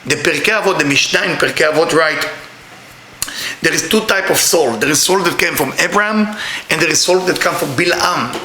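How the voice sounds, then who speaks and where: Israeli-accented middle-aged male teacher, high bright voice, blunt joking storyteller, echoey room. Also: a little fast, slight background noise. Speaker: kabbalah teacher. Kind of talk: spiritual talk.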